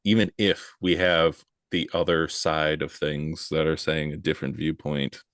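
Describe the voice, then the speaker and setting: A man co-hosting a podcast, speaking earnestly and haltingly with many fillers. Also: rumbling low, little pitch movement, a bit bright, no echo, clean studio sound. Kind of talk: casual podcast discussion.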